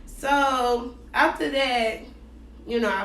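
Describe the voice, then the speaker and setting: Woman, casual storytime vlogger, animated slang delivery, slightly high voice; roomy recording with the mic at some distance. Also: a little slow, a little hiss or hum. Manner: animated, slangy, acts out both sides of conversations. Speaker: vlogger telling a dating story. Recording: roomy echo, voice set back from the mic.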